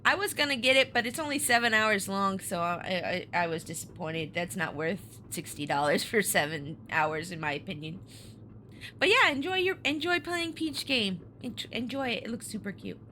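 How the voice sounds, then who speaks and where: A woman's voice: medium pitch, expressive, normal speed, bright, forceful tone, a little hiss or hum. A woman streamer chatting casually and giggling while she plays through a story game and talks to her viewers. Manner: giggly, chatty, reacts to chat. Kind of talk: casual chat while reading a game aloud. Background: game music.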